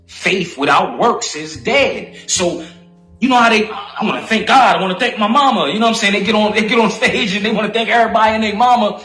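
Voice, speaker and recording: High-voiced slangy street preacher man. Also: sharp tone, echoey room. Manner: slangy, preachy, call-and-response. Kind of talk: casual profane sermon.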